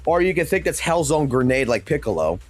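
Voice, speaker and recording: A man streaming games, talking in an excited, rambling way with constant swearing. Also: fairly high pitch, brisk. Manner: profane, animated, rambling. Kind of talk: excited gaming stream talk.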